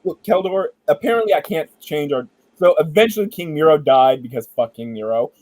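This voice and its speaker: A man hosting a casual entertainment chat, retelling a backstory in an animated, joking way and swearing casually. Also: a little high, fairly quick, no room sound, poor audio. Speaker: podcast host.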